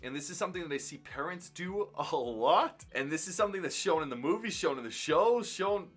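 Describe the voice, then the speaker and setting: Earnest husky-voiced young dad. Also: male voice, fairly high pitch, animated, fairly quick, fairly bright tone. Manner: earnest, emphatic, self-reflective. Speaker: father and parenting host. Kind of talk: reflective talk to camera.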